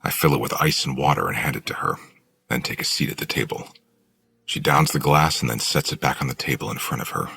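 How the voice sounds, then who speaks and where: A man narrating a novel in the first person, in an even, measured storytelling voice. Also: extremely low pitch, gravelly, a little hiss or hum. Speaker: audiobook narrator.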